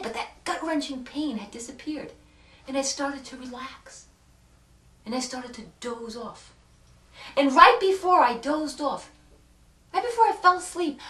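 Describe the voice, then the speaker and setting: A woman telling an emotional personal story in an earnest way, pausing for effect and moving between hushed and loud moments. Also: very high-pitched, far from the mic. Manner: earnest, with dramatic pauses and swings from hushed to loud. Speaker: self-help speaker. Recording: echoey room, speaker set back from the mic.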